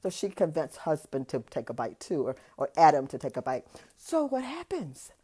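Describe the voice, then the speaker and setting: A woman's voice: low voice, wildly swooping pitch, normal speed, warm tone, breathy edge. A woman spiritual and life coach giving an earnest motivational talk, often restarting and repeating phrases for emphasis.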